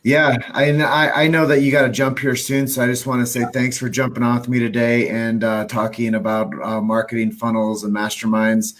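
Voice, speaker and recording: A man's voice: medium pitch, flat delivery, normal speed, hardly any pauses, a bit bright. Chill guy hosting a live podcast, easygoing, lots of uhs and ums. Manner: laid-back, filler-heavy, promotional sign-off. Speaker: podcast host. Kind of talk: casual live podcast chat.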